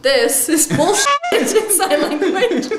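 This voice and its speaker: A woman's voice: very high voice, sing-song, slow, echoey room, heavy background noise. A woman singer recording a song in a studio, cracking crude jokes between takes. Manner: playful, crude joking between sung takes. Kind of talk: studio recording session banter and singing.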